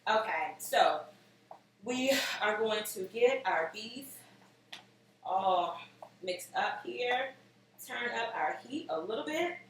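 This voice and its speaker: A woman in her thirties hosting a home cooking show, telling a comic story in a chatty, animated way while she cooks. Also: fairly high pitch, slow, long pauses. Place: home kitchen. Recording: echoey room, mic at a distance, faint noise.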